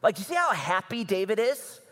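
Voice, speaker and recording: A male pastor from the American Midwest delivers a sermon in a fairly high voice, easy and conversational one moment and emphatic the next. The sound carries the long reverb of a large church hall. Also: big pitch swings, moderate pace, sharp tone. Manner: conversational preaching, rising to emphatic bursts.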